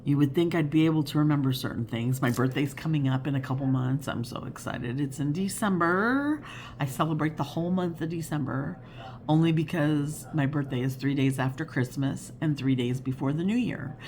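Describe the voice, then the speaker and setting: A woman's voice: low-pitched, moderate pace, a little mellow, a little hiss or hum. A woman in her fifties hosting a casual crafting chat, rambling and chatty and laughing often. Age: 50s. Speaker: crafting channel host.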